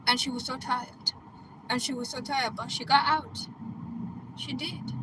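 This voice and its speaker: Excitable woman coach with a high voice, chatty storyteller who keeps checking in with the listener. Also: measured pace, pauses often, noisy background. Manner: excitable, laughing, bursts into loud exclamations; chatty, checks in with "right?" and "okay?". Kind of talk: casual retelling of a film plot.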